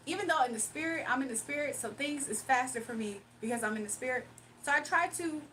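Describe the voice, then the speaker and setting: High-voiced woman on a livestream, laughs a lot, chatty, faint hiss behind. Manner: animated, laughs often, emotional. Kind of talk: casual livestream chat with viewers.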